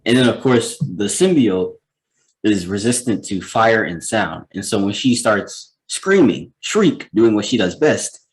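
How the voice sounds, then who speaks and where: A man's voice: fairly low pitch, a little slow, low-quality recording. A man co-hosting a casual movie chat, chiming in and laughing. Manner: lively, laughing, chimes in.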